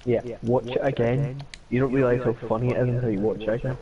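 Guy, sweary animated storyteller, off-mic, busy noisy background. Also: medium pitch, quick pace, far from the mic, highs cut off, crowd noise. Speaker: streamer. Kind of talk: casual gaming chat.

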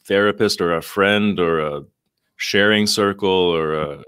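A man's voice: deep voice, a little slow, a bit bright, clean tone, no room sound, studio quality. A man, a guest on a live talk show, talking reflectively in casual conversation with many restarts.

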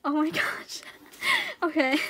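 A young woman vlogging an unboxing, gushing with excitement and breaking into squeals. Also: high-pitched, slow pace, slight background noise. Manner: gushing, excited, repeats "oh my gosh". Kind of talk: unboxing vlog chat.

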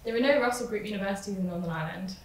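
Young woman student, rapid jokey chat, amused tone, roomy echo. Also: mid-range voice, a little hiss or hum. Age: young adult. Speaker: university student. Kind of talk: casual group chat.

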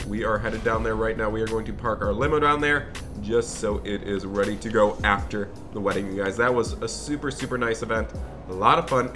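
A man hosting a game role-play video, chatting upbeat and directly to his viewers. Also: lowish voice. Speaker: gaming channel host.

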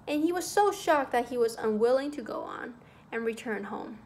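A woman narrating a classic literary short story in a measured, expressive reading. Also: on the high side. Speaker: audiobook reader.

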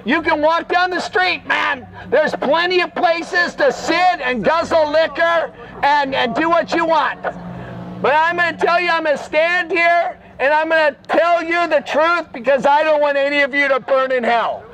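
An older man preaching in the open air, fervent and scolding, often shouting at his listeners. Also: very high-pitched, a little slow, low-quality recording. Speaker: street preacher. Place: city street outdoors.

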